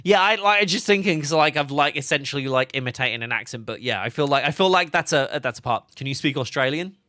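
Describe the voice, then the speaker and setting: A man's voice: on the high side, expressive, quick pace, bright, forceful tone, dry recording, clean studio sound. A man, chatting casually on a game livestream, laughing often and reading chat aloud. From England. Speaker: game streamer.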